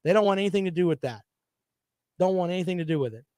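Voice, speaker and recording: A man's voice: high-pitched, expressive, rapid-fire, a little mellow, dry recording. A man co-hosting a sports talk show, teasing his co-host in rowdy, joking banter. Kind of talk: casual sports chat.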